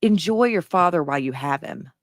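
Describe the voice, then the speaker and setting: A woman's voice: on the low side, expressive, fairly quick, dry recording, clean studio sound. A middle-aged woman giving casual commentary on a news article she reads aloud, blunt and sarcastic and swearing freely.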